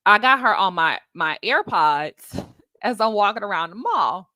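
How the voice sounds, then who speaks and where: A woman hosting a casual live stream, greeting viewers by name and chatting in an animated way, often laughing. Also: lowish voice, clear, resonant tone, dry recording.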